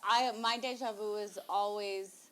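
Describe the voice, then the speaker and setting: A woman co-hosting a casual podcast chat, telling stories in a chatty, animated way. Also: medium pitch, measured pace. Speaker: podcast co-host.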